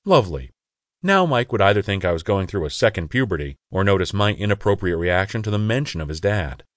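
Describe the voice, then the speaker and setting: A man's voice: deep voice, big pitch swings, a little fast, no room sound. A man reading a first-person audiobook in an intimate, confessional way, on a close studio mic. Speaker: audiobook narrator.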